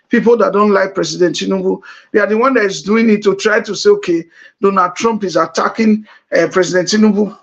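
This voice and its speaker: Emphatic Nigerian man, fairly high voice. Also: fairly bright tone, highs cut off. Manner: repeats points slowly to explain; many uh fillers, emphatic. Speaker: talk show host. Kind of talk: political commentary monologue.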